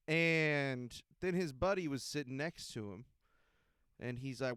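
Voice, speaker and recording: Smooth-voiced man rambling through a story. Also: fairly high pitch, moderate pace, a bit bright, no echo, clean studio sound. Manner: rambling, laughing, swears freely. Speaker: podcast host. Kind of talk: casual comedic storytelling.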